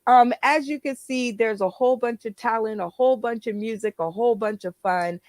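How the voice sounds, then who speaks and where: A woman's voice: on the high side, fairly quick, a little mellow, dry recording. A woman hosting an online comedy show, making playful, upbeat announcements. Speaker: host. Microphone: video call.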